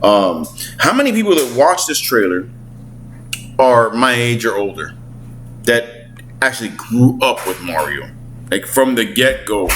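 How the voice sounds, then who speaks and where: A man in his forties giving excitable, slangy gaming commentary at home, swearing and acting out character voices. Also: medium pitch, measured pace, pauses often, slight background noise, low-quality recording. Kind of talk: casual commentary. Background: clothes dryer running.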